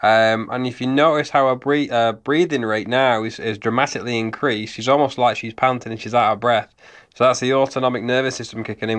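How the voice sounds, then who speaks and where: A man's voice: medium pitch, a bit bright. A man giving analytical commentary over video clips, explaining steadily with frequent ums. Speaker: body language analyst.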